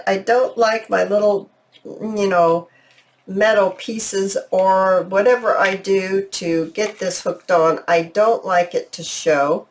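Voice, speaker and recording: A woman hosting a crafting video, thinking aloud in a chatty, unhurried way. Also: mid-range voice, steady tone. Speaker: crafting channel host. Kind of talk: casual craft tutorial narration.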